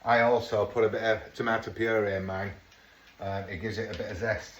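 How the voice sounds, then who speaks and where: A man's voice: lowish voice, flat delivery, brisk, lo-fi sound. A middle-aged man chatting casually as he cooks at home, swearing under his breath now and then. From England. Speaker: home cook. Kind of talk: casual cooking vlog chat. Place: home kitchen. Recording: echoey kitchen, far from mic, noisy.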